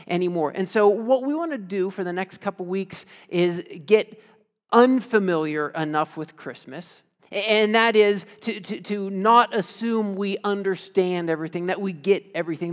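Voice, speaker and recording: A man preaching a sermon as pastor, casual and animated, telling stories with lots of fillers. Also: high voice. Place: church sanctuary. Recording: long reverb of a church hall.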